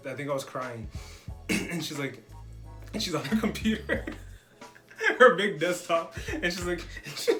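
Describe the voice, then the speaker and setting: A man, the host's brother, telling casual stories in an animated way, often repeating words as he gets going. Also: a little high. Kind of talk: casual storytelling. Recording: background music.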